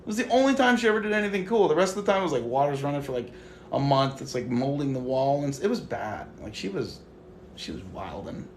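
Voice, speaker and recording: A man's voice: fairly high pitch, fast, roomy sound, slight background noise. Man chatting animatedly on a livestream. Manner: animated storytelling, swearing, quoting himself. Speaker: livestream host. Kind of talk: casual livestream chat.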